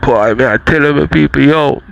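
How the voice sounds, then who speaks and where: A man's voice: a little high, normal speed, vocal fry, a bit bright, dull audio. A man speaking emphatically in casual talk, heard from a played-back clip.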